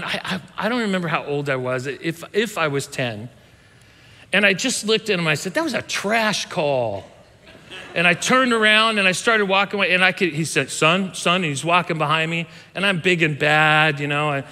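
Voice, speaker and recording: A man's voice: high-pitched, sharp tone, long reverb tail. A man in his fifties, a pastor, telling a personal story in a conversational sermon, often restarting his sentences. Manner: conversational, self-interrupting with restarts.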